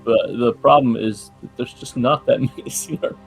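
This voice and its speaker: A man's voice: medium pitch, normal speed, creaky, faint music behind. A man playing a tabletop game, talking casually and joking. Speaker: player.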